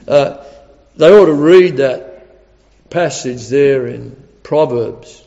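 A man's voice: mid-range voice, slow pace, gravelly, mellow. A man preaching a sermon, earnest and emphatic, often repeating his key words. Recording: dull recording with long hall reverb.

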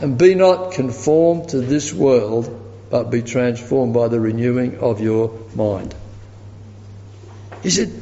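A man preaching a sermon, telling a story and quoting others with animated delivery. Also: mid-range voice, a little slow. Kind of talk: sermon with anecdote. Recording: dull sound with long reverb in a hall.

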